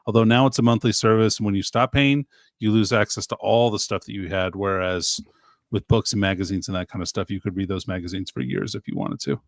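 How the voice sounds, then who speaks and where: A man's voice: fairly low pitch, a little fast, creaky. A man co-hosting a podcast in casual chat, blunt with dry short answers. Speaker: podcast co-host.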